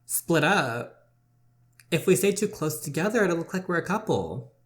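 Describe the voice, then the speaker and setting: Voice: medium pitch, big pitch swings, moderate pace, pitched above the performer's own voice, close to an everyday voice. Gamer reading a young woman heroine, teasing, casual, romance story game. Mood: playful.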